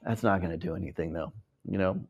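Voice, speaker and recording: A man's voice: low voice, fairly even intonation, quick pace, dull audio. An American man speaking as host to a live audience at a tour event, emotional and rambling, often acting out other people's words. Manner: emotional, rambling, acts out quoted voices.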